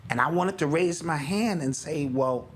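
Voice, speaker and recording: Animated older man telling a story. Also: a little high, normal speed, slight background noise. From United States. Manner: animated storyteller, acts out sounds and quotes. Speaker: podcast co-host. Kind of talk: casual chat.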